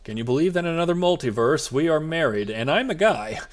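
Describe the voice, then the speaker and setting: Animated, rambling male game streamer. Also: fairly high pitch, fast. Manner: rambling, jokey, self-talking asides. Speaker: VTuber streamer. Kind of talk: live-streamed gameplay commentary.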